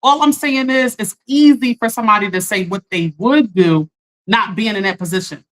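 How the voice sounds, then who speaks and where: Animated woman coach chatting with viewers. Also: medium pitch, normal speed, poor audio. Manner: animated, laughs often, talks straight to viewers as y'all. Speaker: life coach. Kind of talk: casual live-stream chat reading comments.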